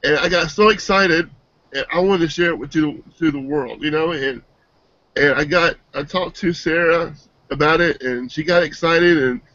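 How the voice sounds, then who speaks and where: A man giving an earnest, emotional personal testimonial, halting and restarting as he speaks. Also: a little high, bright, forceful tone, dry recording. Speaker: team member giving a testimonial. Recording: dull, dry lo-fi sound.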